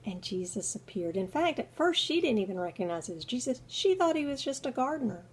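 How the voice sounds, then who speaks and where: A woman's voice: fairly high pitch, sing-song, fairly quick, slight background noise. A woman teaching a children's Bible lesson, telling the story expressively and often dropping to near whispers.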